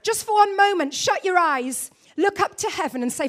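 A woman's voice: very high-pitched, expressive, moderate pace, a bit bright. A woman preacher giving a sermon, telling a story about herself with self-mocking humor.

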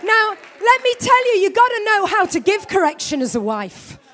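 Woman, preacher, sermon, very high voice, animated storytelling. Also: moderate pace, some chatter behind, a little hiss or hum. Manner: animated storytelling, self-mocking.

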